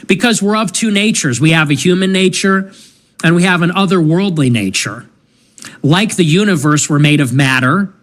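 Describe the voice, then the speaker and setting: A man delivering a measured, lecturing philosophical monologue. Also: on the high side, a bit bright. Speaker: commentator in a played clip.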